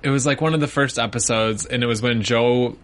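A man co-hosting a casual TV recap chat, animated and often laughing as he talks. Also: medium pitch, a little fast. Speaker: TV recap podcast co-host.

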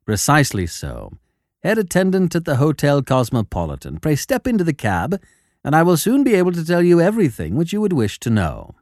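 A man voicing a cool, shrewd detective who speaks in a measured, quietly sardonic way in an audiobook. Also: fairly high pitch, wildly swooping pitch, no echo, studio quality. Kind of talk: audiobook character voice.

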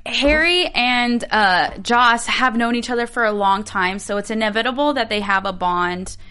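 A woman talking in a loose, chatty way, her voice bright and forward. She often trails off and restarts as she loses her train of thought in a casual recap chat. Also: a little high, moderate pace, clean tone.

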